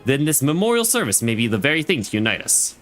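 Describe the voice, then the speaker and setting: A man's voice: mid-range voice, very animated, fast talker, fairly bright tone, faint music behind. A man reading a stern female fleet admiral's dialogue aloud from a game, stumbling over names and lines as he goes. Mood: solemn.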